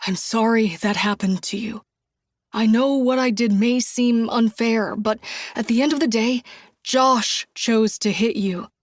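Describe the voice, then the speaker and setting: A woman's voice: fairly high pitch, steady tone, a little slow, dry recording. A tense, nasal man who tries to keep control and then lashes out, as a woman reader plays him. He is heard up close in an audiobook thriller with a dry, dead sound around him. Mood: pleading. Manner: controlled, then pleading and explosive. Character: controlling man, creator of a synthetic wife.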